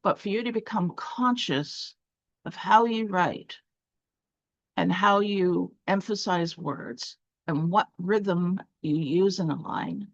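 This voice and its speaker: A woman's voice: lowish voice, takes it slowly, dry recording. A woman teaching a poetry class, explaining step by step with fillers and restarts. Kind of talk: online lesson. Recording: dry, dull lo-fi sound.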